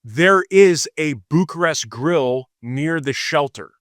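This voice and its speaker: A man's voice: a little high, expressive, slow, dry recording, clean studio sound. A man, a police officer, casually telling a rambling story on a podcast and acting out the people in it. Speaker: podcast co-host.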